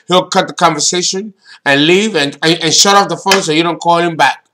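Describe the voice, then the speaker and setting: A man giving a solo astrology talk as an astrologer, deliberate and emphatic, blunt and sometimes swearing. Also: a little high, steady tone, bright, forceful tone.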